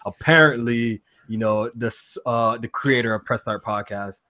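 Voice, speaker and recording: A man's voice: medium pitch, steady tone, a little slow, dry recording. Male podcast host with a mid-range voice and a dry, close sound, slangy and loose. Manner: slangy, loud hype when joking. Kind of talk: casual gaming podcast chat.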